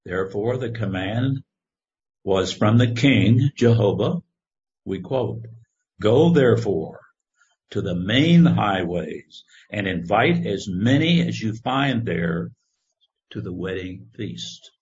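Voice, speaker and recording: A man preaching a sermon, reading scripture in a slow, measured way. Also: fairly low pitch, lively intonation, darkish tone. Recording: dull lo-fi recording.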